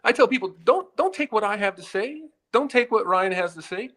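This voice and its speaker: Guest guy in a live q&a, kinda high voice, earnest, stammers and restarts a lot. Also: expressive, a little fast, bright, forceful tone. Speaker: guest, retired FBI agent. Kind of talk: live Q&A discussion.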